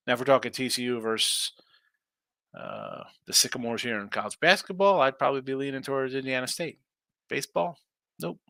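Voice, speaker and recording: Brash, bright-voiced man talking bets. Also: medium pitch, creaky, no echo, clean studio sound. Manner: brash, fast-talking, sarcastic. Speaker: sports betting show host. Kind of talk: casual live-stream talk, reading chat.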